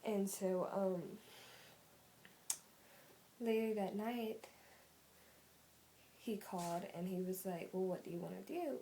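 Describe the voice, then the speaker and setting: A woman's voice: medium pitch, takes it slowly, long pauses, dark tone, slight background noise, poor audio. A teenage girl telling a story in a casual vlog, rambling with lots of "like" and "um" fillers. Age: teens. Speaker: vlogger. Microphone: phone camera.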